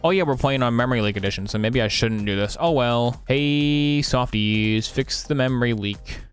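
A man's voice: medium pitch, normal speed, smooth. A man streaming a game, chatting in a joking, rambling, sarcastic way. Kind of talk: casual live-stream commentary.

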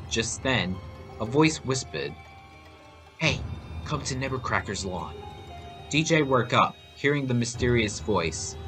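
A man narrating a homemade horror story aloud. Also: mid-range voice. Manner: reading aloud, animated. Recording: faint music behind voice.

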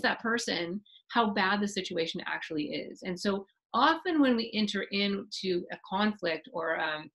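A middle-aged woman teaching a parenting webinar, explaining with lively asides and acted-out examples. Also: mid-range voice, normal speed, few pauses, muffled recording. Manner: animated, acts out parent and child voices mid-explanation. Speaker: parenting therapist giving a webinar.

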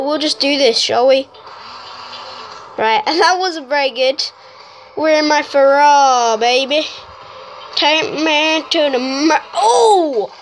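A woman with a high, bright voice, commentating on a video game in a casual, excitable way. She talks at an unhurried pace, calling out to her viewers. Faint music plays in the background. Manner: excitable, exclaiming and talking to viewers. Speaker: gaming YouTuber. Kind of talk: casual let's-play commentary.

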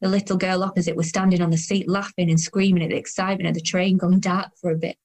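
A woman's voice: lowish voice, little pitch movement, fast talker, a little mellow. A woman in her thirties narrating in the first person as a weary, self-conscious woman, with a dry, sardonic tone. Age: 30s.

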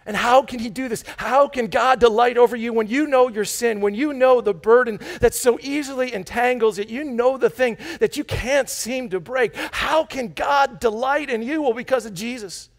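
A man's voice: very high-pitched, normal speed, creaky, few pauses. A man preaching a sermon as pastor of a church, enthusiastic and chatty, with joking asides to the congregation and frequent restarts. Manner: enthusiastic, bursts out with loud exclamations; frequent restarts and repeated words. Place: church sanctuary.

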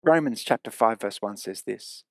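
A man preaching a sermon in a church, earnest and emphatic, slowing down to repeat key phrases. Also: lowish voice, animated, creaky, a little mellow, no room sound, studio quality.

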